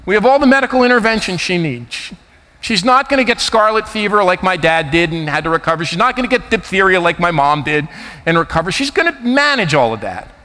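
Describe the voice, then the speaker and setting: A man's voice: high-pitched, sing-song, brisk, bright, forceful tone. A man in his fifties from the United States with a New Jersey accent, giving an emphatic, anecdotal keynote talk at a conference. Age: 50s. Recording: reverberant hall.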